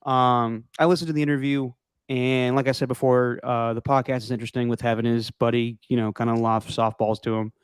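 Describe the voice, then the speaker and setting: Male podcast host, casual rambling sports opinions, clear voice, dry close sound, slightly hoarse. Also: mid-range voice, little pitch movement, fairly quick, no room sound. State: losing his voice.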